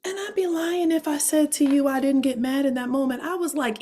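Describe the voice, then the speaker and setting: A woman's voice: sits high, a little fast, dark tone. A woman coach teaching an online class, telling personal stories in a frank, informal way to her audience. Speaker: coach and advisor.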